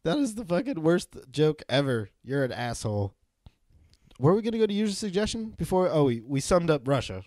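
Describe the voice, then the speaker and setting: A man's voice: fairly high pitch, very animated, a little fast, darkish tone, dry recording, studio quality. Young man laughing through crude podcast banter. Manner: laughing often, swearing, playful. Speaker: podcast co-host.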